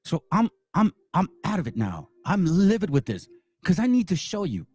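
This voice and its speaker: A man's voice: high voice, wildly swooping pitch, moderate pace, a little mellow, husky. A man hosting a commentary channel, delivering a heated, profane, mocking monologue full of repetition. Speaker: religious commentary channel host.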